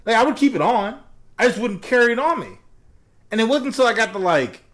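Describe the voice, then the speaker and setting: A man's voice: extremely high pitch, fairly quick. A man in his forties chatting casually, animatedly acting out quoted voices while telling stories. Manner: animated storyteller, acts out voices of others. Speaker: podcast co-host. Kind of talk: casual chat.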